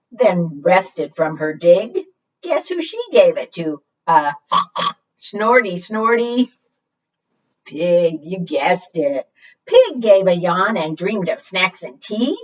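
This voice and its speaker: A woman hosting a library storytime, reading picture books aloud to preschoolers in a sing-song, animated way that invites them to join in. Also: on the low side. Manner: sing-song, animated, coaxing audience participation. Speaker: children's librarian, storytime host. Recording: slightly distant, dull lo-fi sound.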